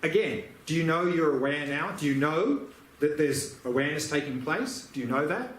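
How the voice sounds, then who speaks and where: A man's voice: a little high, animated, normal speed, fairly bright tone. A man teaching meditation, answering questions with patient, repetitive explanations. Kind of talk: dharma teaching Q&A. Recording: echoey room, faint ambience.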